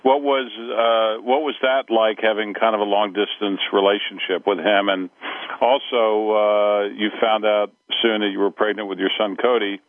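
Interviewer: man with a lowish voice, rambling questions, dry thin phone-like audio. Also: fairly even intonation, moderate pace, no echo. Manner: long, rambling questions with many fillers. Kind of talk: conversational interview.

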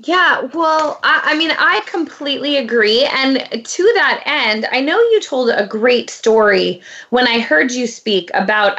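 A woman's voice: fairly high pitch, vocal fry, a bit bright, lo-fi sound. A woman hosting a podcast interview, speaking in a friendly, reflective way and asking open questions. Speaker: podcast host. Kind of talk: conversational interview.

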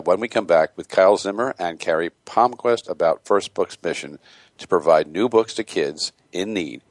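A male radio host with a very deep voice leads the interview. He talks haltingly and often repeats words before finishing a question. The sound is close and dry. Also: no room sound. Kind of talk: interview hosting.

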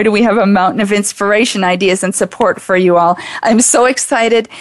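Upbeat american lady radio host, kinda high voice, dry close sound. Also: dry recording. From United States. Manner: enthusiastic, earnest, warm-hearted delivery. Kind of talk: upbeat talk radio hosting.

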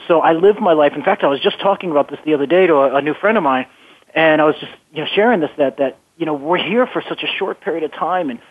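A man telling his life story as an interview guest, earnest and often repeating words as he thinks. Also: on the high side. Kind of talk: phone-in radio interview. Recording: tinny phone line.

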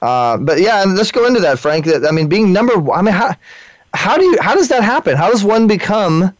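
A man's voice: high voice, very animated, brisk, no room sound. A man hosting a radio interview, talking eagerly and often repeating his words. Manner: eager, repeats himself, talkative. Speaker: host. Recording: dull dry lo-fi sound.

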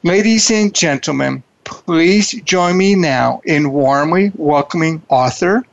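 A man hosting a radio talk show, with an effusive manner and slow, emphatic phrasing. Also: on the high side, gravelly, no room sound, highs cut off. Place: studio in a large city.

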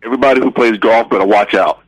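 A man's voice: on the low side, quick pace, no room sound, low-quality recording. A man co-hosting a sports talk show, teasing the host in casual banter.

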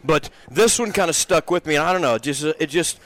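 A man's voice: a little high, a little fast, fairly bright tone. A male actor guest telling brash, profane stories in casual chat.

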